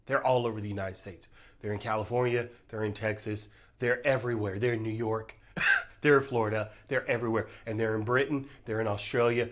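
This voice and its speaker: A man's voice: high-pitched, a bit bright. A man speaking straight to his viewers in an earnest, emphatic commentary, often calling them y'all. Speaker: online commentator. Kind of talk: direct-to-camera commentary.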